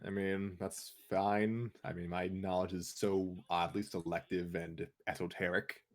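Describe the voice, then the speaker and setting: A man's voice: low-pitched, level tone, unhurried. A man hosting a casual chat about a story reading, rambling and laughing often. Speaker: host of a story reading show.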